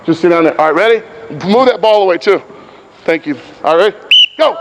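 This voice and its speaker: A man's voice: sits high, lively intonation, moderate pace, pauses often, heavy background noise. A man coaching players through basketball drills on an indoor court, calling out short repeated commands and explaining points to other coaches. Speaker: basketball coach running a clinic.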